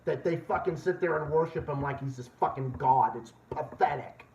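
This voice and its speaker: A man's voice: a little high, normal speed, gravelly, darkish tone, far from the mic. Angry swearing male stream host. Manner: angry, swearing, repeats himself. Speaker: livestream host. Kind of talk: profane political rant. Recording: echoey room, dull lo-fi sound.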